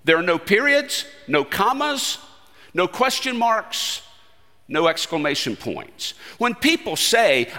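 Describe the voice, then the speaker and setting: A man preaching a sermon with emphatic delivery, swinging between loud stressed phrases and quiet low asides. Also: big pitch swings, measured pace, big-room sound.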